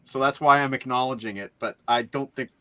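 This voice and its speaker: A man's voice: medium pitch, brisk, sharp tone. A man hosting a casual chat over a video call, upbeat and joking. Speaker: host.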